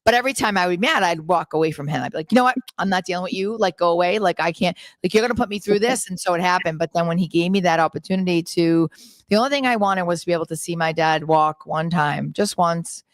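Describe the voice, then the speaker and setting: Low-voiced woman radio host. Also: fast, no echo, clean studio sound. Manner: chatty, meandering, many fillers. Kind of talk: casual radio chat. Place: radio studio.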